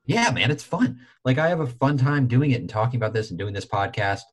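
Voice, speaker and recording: A man hosting a sports podcast, talking in an animated, exasperated casual chat. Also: husky. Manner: animated, exasperated, quick to jump in pitch. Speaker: podcast host.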